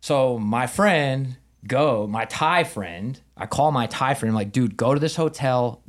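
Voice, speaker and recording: A man in a relaxed podcast chat spins a story with real animation. He slips into the voices of the people he quotes and swears without a second thought. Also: medium pitch, measured pace. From United States. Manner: animated, acts out quoted dialogue, swears casually. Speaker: podcast guest, Muay Thai fighter. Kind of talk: casual storytelling in conversation.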